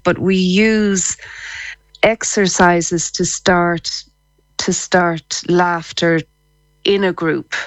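An Irish woman with a fairly low voice talks as a guest on a radio show, explaining laughter therapy eagerly and laughing easily. Her voice sounds dry and close. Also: no room sound, low-quality recording. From Ireland. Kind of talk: radio interview.

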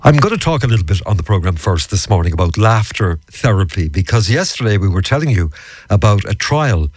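A low-voiced man hosts a morning radio programme, his delivery swinging widely and chattily in pitch. The studio sound is dry and close. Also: a little fast, breathy edge, no room sound. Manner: chatty, lively intonation. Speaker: radio presenter.

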